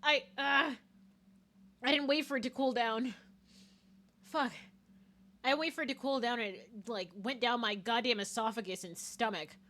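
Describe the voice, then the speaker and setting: A woman's voice: a little high, moderate pace, pauses often, fairly bright tone. A woman streaming a game live, chatting casually, laughing often and swearing freely as she reads dialogue aloud.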